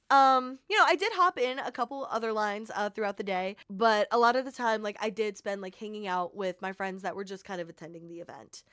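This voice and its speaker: A woman's voice: medium pitch, a bit bright, clear, resonant tone, no room sound. Gushing young woman vlogger, dry sound. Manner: rambling, heavy use of "like", heartfelt and gushing. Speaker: content creator. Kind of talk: casual vlog recap.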